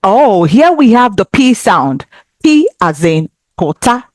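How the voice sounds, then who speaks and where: A woman teaching a children's language lesson, speaking slowly and with careful, encouraging enunciation. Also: mid-range voice, very animated, a little mellow, no echo, studio quality.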